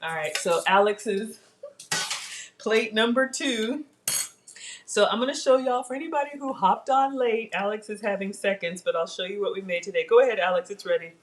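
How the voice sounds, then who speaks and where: A woman's voice: medium pitch, moderate pace, slight background noise. A middle-aged woman hosting a casual home cooking livestream, chatting and reading viewer comments aloud from her kitchen.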